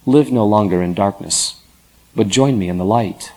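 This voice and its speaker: A man voicing a gentle commanding king. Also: fairly low pitch, lightly acted, poor audio. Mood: inviting. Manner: calm, measured, solemn.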